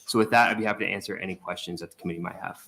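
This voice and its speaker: Bright-voiced senator presenting a bill. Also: male voice, sits low, steady tone, very fast, vocal fry. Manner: reads prepared statement with small restarts. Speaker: state senator introducing a bill. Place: legislative hearing room.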